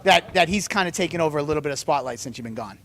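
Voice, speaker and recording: A man moderating a fight press conference with a somewhat high voice. He reads out questions casually, joking and teasing with a playful ease. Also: animated, racing, fairly bright tone, slight background noise. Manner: playful, joking, laughs often.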